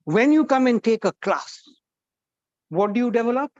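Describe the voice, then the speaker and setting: Coaxing high-voiced man teaching. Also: animated, moderate pace, darkish tone, dry recording, muffled recording. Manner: coaxing, asks the class questions. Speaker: guest trainer at a college workshop. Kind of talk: interactive classroom talk.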